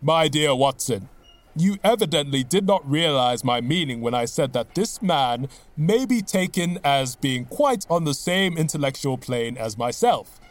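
A man reading an audiobook, voicing a brisk, cool-headed middle-aged detective with a dry, measured manner. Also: fairly high pitch, lively intonation. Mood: assured.

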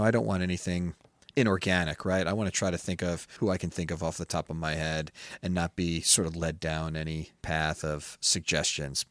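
A man's voice: deep voice, dry recording. A man co-hosting a podcast in casual chat, telling stories with animation and frequent laughs. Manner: animated storytelling, laughs often. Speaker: podcast co-host.

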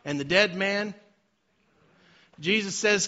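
In this sermon, a middle-aged pastor with a high-pitched, unhurried voice moves between hushed storytelling and loud, forceful preaching. Faint music plays behind a slightly dull recording.

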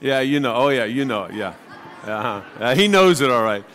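A man giving a homily, telling a family story in a chatty, halting way and acting out the voices in it. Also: mid-range voice, lively intonation, fairly bright tone, a faint crowd, slight background noise. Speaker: priest. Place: church. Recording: long hall reverb.

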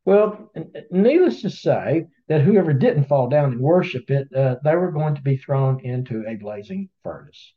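A man retelling a Bible story in a casual webinar, as an animated storyteller who acts out the voices, on dull lo-fi audio. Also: a little high, normal speed, hardly any pauses. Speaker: Bible study teacher.

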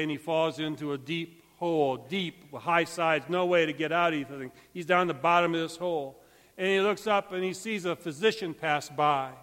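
A man preaching a sermon as pastor, emphatic and swinging between loud calls and hushed, quiet stretches. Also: a little high. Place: church sanctuary. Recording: long church hall reverb.

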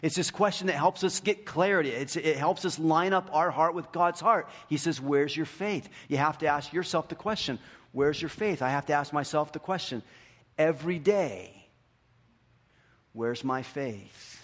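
Animated preaching man in a reverberant hall. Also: a little high, moderate pace. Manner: animated storytelling, swings from hushed questions to lively retellings. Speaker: pastor. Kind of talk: sermon.

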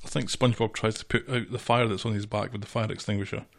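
A man's voice: fairly low pitch, level tone, fast talker, creaky. A man co-hosting a casual podcast from a small office, making dry remarks while recapping an episode. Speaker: podcast co-host.

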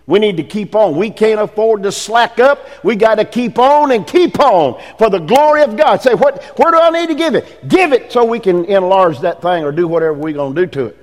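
A man preaching a sermon as pastor, swinging from loud emphatic lines to hushed ones. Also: sits high, brisk, hardly any pauses, big-room sound.

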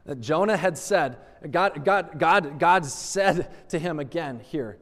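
High-voiced preacher in an echoing hall. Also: male voice, unhurried, few pauses. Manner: animated storytelling, asking the audience rhetorical questions. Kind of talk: sermon. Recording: long reverb of a large hall.

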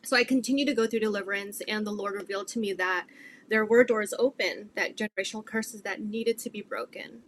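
A woman's voice: medium pitch, steady tone, fairly quick, a little hiss or hum. Earnest middle-aged woman telling her testimony. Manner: earnest, rambling, many fillers. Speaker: guest sharing her testimony. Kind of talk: casual testimony in an interview.

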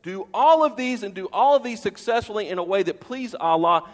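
A man with a fairly high voice preaches a sermon, pressing his points with rhetorical questions and repetition. His voice rings out with the long reverb of a large hall. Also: brisk, few pauses. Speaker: pastor.

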